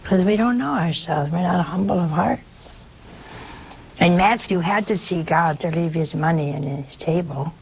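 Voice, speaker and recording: A woman delivers a sermon in a gravelly, fry-edged voice. She keeps firing rhetorical questions at her listeners and acts out short exchanges as she goes. Faint background noise sits under the recording. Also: lowish voice, normal speed. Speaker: preacher.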